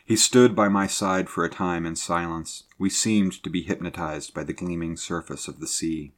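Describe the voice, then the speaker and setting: A man reading a sea adventure story aloud in a measured, low-key narrating manner. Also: fairly even intonation.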